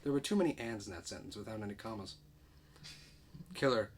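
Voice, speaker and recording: A man's voice: on the low side, brisk, pauses often, slightly rough. A man reading a comedy script aloud, narrating the action and adding dry, wry asides. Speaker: script reader.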